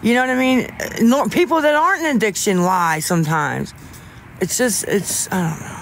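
Young male streamer, slightly raised pitch, chatty, halting and candid, with a faint hum of noise behind him. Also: vocal fry, fairly bright tone. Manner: rambling, halting, frequent restarts and fillers; candid, talks openly about staying sober. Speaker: livestreamer answering chat. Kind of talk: casual livestream chat.

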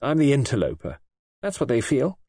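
A man's voice: medium pitch, big pitch swings, moderate pace, mellow, no room sound, pitched above the performer's own voice. A man reading an audiobook and voicing a petulant, spoiled young wife in a coaxing, sulky, lightly raised voice. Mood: resentful.

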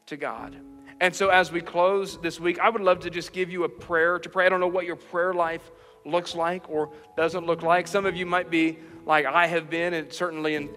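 A high-pitched male pastor delivers an earnest, encouraging sermon, leaning on repeated phrases to press each point. His voice rings with a long hall reverb, and soft instrumental music plays underneath. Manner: earnest and encouraging, with emphatic repetition. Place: church livestream.

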